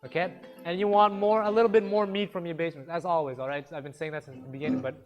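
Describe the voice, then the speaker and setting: High-voiced man teaching guitar rhythms. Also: quick pace, muffled recording. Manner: counts beats and sings rhythms aloud; relaxed, encouraging, self-deprecating. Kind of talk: instructional workshop talk. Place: workshop room with students. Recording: guitar music in the background. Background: guitar playing.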